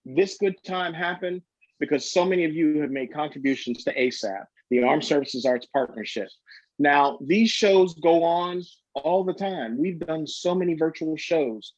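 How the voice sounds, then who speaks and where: Male show host, fairly high voice, upbeat audience patter, dry dull stream sound. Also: no room sound. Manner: upbeat, addresses the audience directly. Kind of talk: live show hosting.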